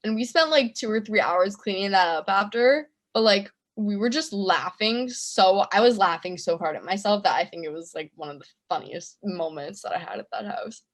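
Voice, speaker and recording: A woman's voice: medium pitch, normal speed, hardly any pauses. A young adult woman being interviewed about her music, talking casually with lots of fillers and laughing through her stories. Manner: chatty, laughing storyteller with many fillers. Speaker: musician guest.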